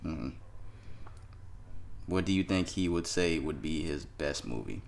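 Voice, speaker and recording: A man with a very low voice hosts a casual podcast chat. His talk is loose and profane, and he laughs often through the banter. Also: lively intonation, a little slow, vocal fry, slight background noise. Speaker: podcast host.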